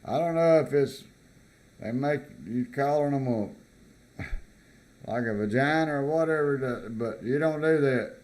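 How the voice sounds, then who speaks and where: A man from the United States, vlogging in a casual, halting way, reading items from a list and commenting with repeated words and fillers. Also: medium pitch, a little mellow.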